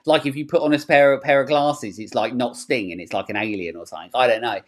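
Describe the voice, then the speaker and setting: A man hosting a podcast, chatting casually in a rambling, animated way and swearing freely. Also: mid-range voice, fast. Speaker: podcast host. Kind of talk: casual chat.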